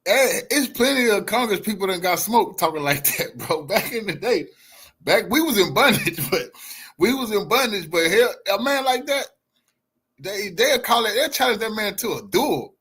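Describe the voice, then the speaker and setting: A man tears into a clip he is watching, loud and mocking, full of slang. His voice is husky and a bit high, and it swings wildly from shouts down to low mutters. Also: animated, normal speed. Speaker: reaction streamer. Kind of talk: ranting reaction commentary.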